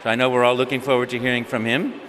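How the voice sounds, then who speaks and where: A man's voice: mid-range voice, level tone, rapid-fire, a bit bright, long reverb tail, slight background noise. A man serving as master of ceremonies at a banquet, welcoming guests and running through the evening's program cheerfully and formally. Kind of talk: banquet emcee announcements. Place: large banquet hall.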